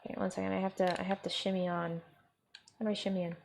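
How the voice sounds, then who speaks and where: A woman's voice: medium pitch, flat delivery, quick pace, creaky, darkish tone. A woman streaming a game and chatting casually and playfully with viewers, laughing often; her first language is German. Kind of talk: casual gameplay commentary.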